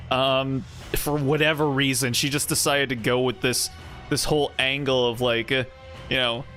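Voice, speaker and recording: Man, game streamer, sarcastic rambling commentary, bright forceful voice, slow. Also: medium pitch. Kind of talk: casual gameplay commentary.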